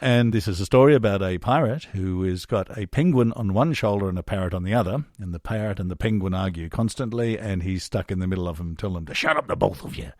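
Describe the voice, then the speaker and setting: An Australian man, once a drama teacher, narrates a podcast in a casual, chatty, self-deprecating way and slips into silly character voices. His voice is deep and a little mellow, moving at a quick pace with few pauses. The studio recording is clean, with no echo.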